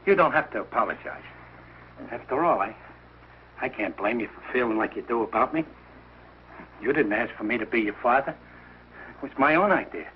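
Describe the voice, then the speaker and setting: An actor playing an excitable, sentimental working-class father in a 1940s radio sitcom, lively and self-pitying. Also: a little high, normal speed, long pauses. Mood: hurt. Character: blustering, sentimental working-class family man. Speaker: father of the household. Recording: dull old radio broadcast with faint hiss.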